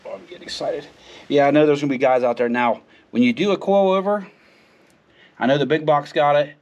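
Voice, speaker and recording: In his home garage, a car mechanic vlogger casually narrates a repair while working on a car, his voice on the high side, steady, and fairly quick. The audio is dull, and he drifts toward and away from the camera mic, rambling in a folksy way full of fillers.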